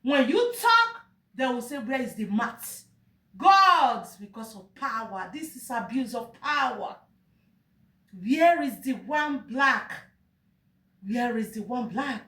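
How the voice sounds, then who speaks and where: A woman's voice: on the high side, expressive, slow, pushed and bright, distant mic. A Nigerian woman giving an emotional, pleading monologue, crying out to God and lamenting. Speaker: vlogger. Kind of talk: impassioned monologue. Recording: echoey room, voice off-mic.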